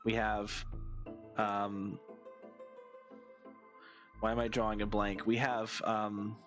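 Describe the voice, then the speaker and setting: A man's voice: fairly low pitch, level tone, slow, fairly bright tone, faint music behind. A man streaming a video game, chatting in a rambling, musing way as he plays. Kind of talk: casual gameplay commentary.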